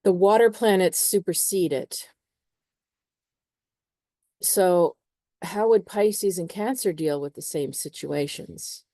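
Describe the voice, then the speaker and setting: A woman astrologer talks through her ideas in a relaxed, hedging manner, full of little fillers. Her voice is mellow and a bit low. The sound is dry and close. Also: takes it slowly, long pauses, dry recording. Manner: hedging, uses many "sort of" and "you know". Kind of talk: casual spoken explanation.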